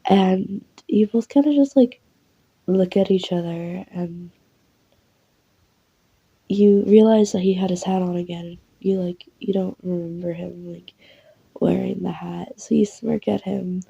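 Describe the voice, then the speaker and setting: Woman narrator, casual second-person role-play, husky and gravelly, lo-fi sound. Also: medium pitch, a little slow, mellow. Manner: casual, many fillers, swears. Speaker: voice actor narrating.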